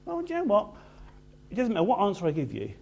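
A man preaching a sermon in an animated, conversational way with playful asides. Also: sits high, fast, creaky, a little hiss or hum.

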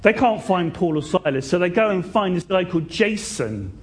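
Male preacher, storytelling sermon, fairly high-pitched voice, animated delivery. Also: normal speed, a little hiss or hum. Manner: animated, swings from loud to hushed.

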